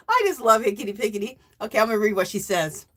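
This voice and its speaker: A woman hosting a casual crafting live stream, warmly greeting viewers by name and reading their chat messages aloud. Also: medium pitch. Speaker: livestream host.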